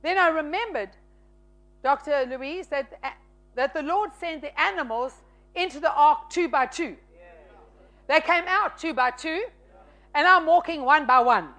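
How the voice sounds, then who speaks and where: A woman telling a lively faith testimony as a talk show guest, acting out the dialogue in her story. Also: high voice, a little slow, pauses often. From South Africa. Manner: lively, acts out quoted dialogue.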